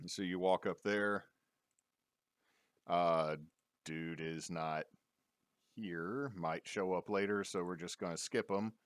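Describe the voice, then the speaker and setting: A man's voice: low voice, fairly even intonation, slow, pauses often, clear, resonant tone, no room sound, clean studio sound. A man acting as dungeon master, giving a casual, jokey recap of a tabletop game on a stream.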